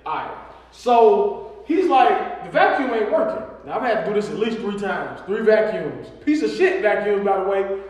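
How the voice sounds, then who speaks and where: Speaking at a normal pace, this high-voiced man co-hosts a podcast and spins family stories in casual, profane banter. He's animated and voices the quoted lines of the people involved. The mic is distant, and the very echoey room leaves a long reverb tail.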